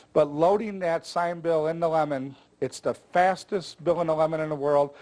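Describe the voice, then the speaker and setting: A man's voice: a little high, a little mellow. An older man explaining magic tricks in a chatty, jokey way, with frequent filler words. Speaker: magic instructor. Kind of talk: casual instructional talk.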